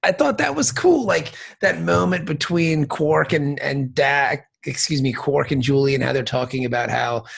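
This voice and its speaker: A man hosting a podcast in casual, jokey chat, animated and quick to joke. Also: a little high, creaky, slightly rough. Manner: animated, jokey, breaks into singing. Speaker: podcast host.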